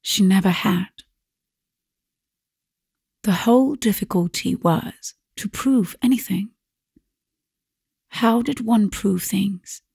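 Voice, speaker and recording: A woman narrating a classic short story as an audiobook in a measured, even way. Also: medium pitch, gravelly, husky, no echo, studio quality.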